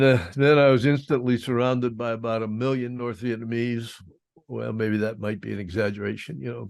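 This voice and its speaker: Gravelly older man telling his story. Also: fairly low pitch, a little mellow, no room sound, clean studio sound. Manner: plain-spoken, wry and self-deprecating. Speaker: guest speaker, former prisoner of war. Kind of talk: storytelling in an interview.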